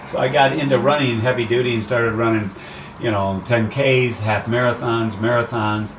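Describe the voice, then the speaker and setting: An older American man, a race announcer, telling animated stories in a casual interview. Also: mid-range voice, moderate pace, recorded from a distance. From USA. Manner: animated anecdotes, acts out quoted voices. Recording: roomy, off-mic, faint background noise.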